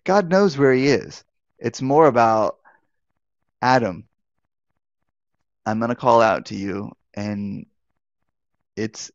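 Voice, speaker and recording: A pastor and life coach teaches during a live online Bible talk, his medium-pitched voice recorded with no room sound and the high frequencies cut off. He speaks conversationally, restarting phrases and posing rhetorical questions.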